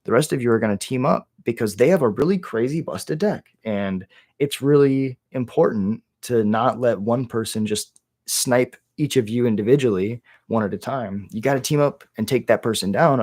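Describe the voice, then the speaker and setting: A man's voice: medium pitch, moderate pace, a little mellow. A young man casually retelling fantasy game lore, rambling with lots of fillers and restarts. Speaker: lore video creator.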